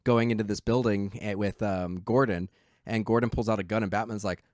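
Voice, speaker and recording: A man with a low voice co-hosts a podcast, talking films in an easy, excited way. He swears freely and acts out characters' lines. The sound is close and dry. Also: brisk, no echo. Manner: enthusiastic, swears casually, acts out quotes. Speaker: podcast co-host. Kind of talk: casual film discussion.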